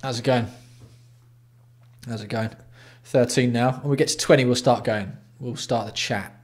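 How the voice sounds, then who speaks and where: A man's voice: mid-range voice, fairly even intonation, moderate pace. Sweary, blunt man chatting on a livestream. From England. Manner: blunt, sweary, banters with chat. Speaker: livestream host. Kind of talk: casual livestream chat.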